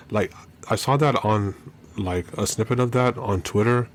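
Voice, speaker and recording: A man from Maryland hosts a podcast solo, speaking at a moderate pace in a fairly low voice. He rambles and jokes casually, filling his talk with lots of fillers.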